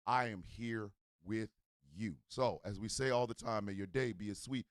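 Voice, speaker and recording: A man's voice: on the low side, normal speed, no room sound. A man hosting a morning talk show, signing off with rambling, heartfelt thanks to his listeners. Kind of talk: casual sign-off chat.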